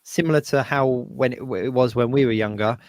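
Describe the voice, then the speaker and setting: Casual southern English host. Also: male voice, mid-range voice, brisk, a little mellow, no echo. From southern England. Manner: casual, hesitant, many fillers. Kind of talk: live stream chat.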